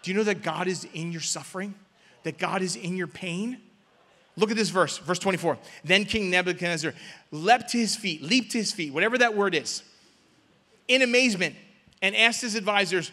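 A male pastor preaching a sermon in a church, urging the crowd to answer back and swinging between loud calls and hushed words. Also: high-pitched, moderate pace. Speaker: guest pastor. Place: church sanctuary. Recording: long reverb of a church hall.

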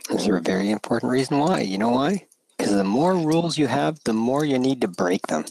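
A man's voice: mid-range voice, lively intonation, brisk, creaky, a little mellow. A married man training as a webinar host, joking in a self-deprecating way in casual chat.

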